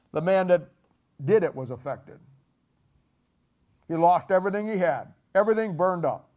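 A man preaching a sermon emphatically, voice dropping low and soft at the ends of points. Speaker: pastor.

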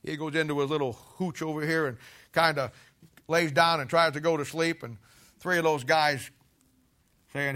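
Bright-voiced, animated male preacher. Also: a little high, normal speed, long pauses. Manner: animated, uses casual army slang. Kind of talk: sermon, folksy storytelling.

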